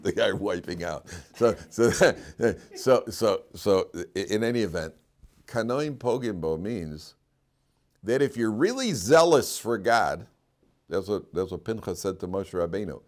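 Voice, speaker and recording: Rabbi teaching a class, lively storyteller, lowish voice, acts out the quotes. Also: male voice, a little slow. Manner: animated storyteller, acts out quotes and laughs often. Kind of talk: storytelling Torah lecture.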